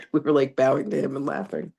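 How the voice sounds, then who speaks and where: Woman, congested, psychic medium, reverend, casual spiritual lesson, fry in the voice. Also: a bass voice, brisk. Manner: chatty, animated anecdotes with frequent laughter. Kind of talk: casual storytelling, then reading a channeled message.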